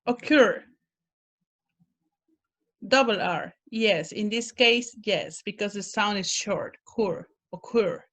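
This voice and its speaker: A woman's voice: mid-range voice, a little slow, few pauses, fairly bright tone. A woman teacher giving an online grammar lesson, speaking carefully and stressing words to model their pronunciation. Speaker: English teacher.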